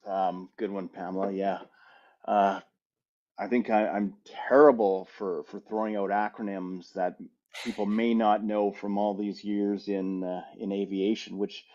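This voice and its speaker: Middle-aged male podcast co-host, lively rambling storyteller, slightly muffled audio. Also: fairly low pitch. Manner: lively, rambling anecdote with frequent restarts. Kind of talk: casual storytelling.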